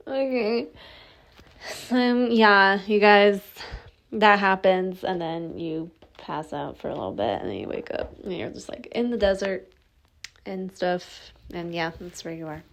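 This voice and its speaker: A woman's voice: mid-range voice, unhurried. A young woman casually narrating a listener role-play, rambling with many fillers and some swearing.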